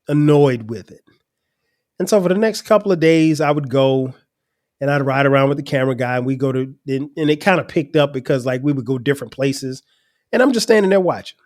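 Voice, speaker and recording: A middle-aged man telling a personal story on his podcast. His voice sits a little higher than most men's, and his telling is casual, chatty and full of laughs. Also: a little mellow. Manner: casual, conversational, laughs often. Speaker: podcast host.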